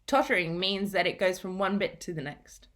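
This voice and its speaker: A woman's voice: medium pitch, normal speed, fairly bright tone. A woman teacher giving a recorded reading and grammar lesson, explaining patiently and going back over key points.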